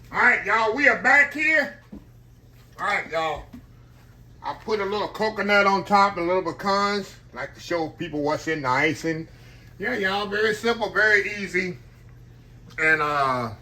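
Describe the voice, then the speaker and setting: A man's voice: fairly high pitch, pushed and bright. A man with a Southern American accent chatting casually through a home cooking vlog, folksy and talkative, often calling out to viewers as y'all. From Southern United States. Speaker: cooking vlogger. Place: home kitchen.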